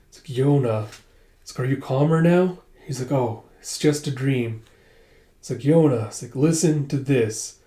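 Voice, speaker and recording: A man's voice: medium pitch, dark tone, echoey room. Casual man recapping a manga. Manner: retells the plot with many "he's like" quotes, voicing lines loosely. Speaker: manga reviewer.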